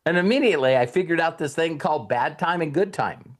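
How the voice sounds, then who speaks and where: Brisk and expressive with few pauses, the high-leaning voice of a middle-aged coaching-show host carries a personal story. It's a casual motivational talk in which he quotes and performs what his younger self said.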